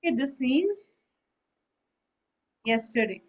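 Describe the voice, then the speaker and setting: A woman with a high, sing-song voice speaks slowly over a rough recording. She's teaching French in a one-on-one online lesson, explaining patiently and often checking that her student is following.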